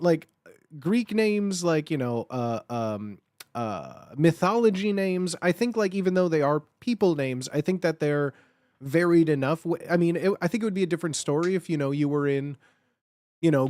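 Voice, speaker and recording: High-voiced rambling male streamer. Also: darkish tone, no echo, studio quality. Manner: rambling, full of "like" and restarts; playful and jokey. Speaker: livestream host. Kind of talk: casual livestream chat with viewers.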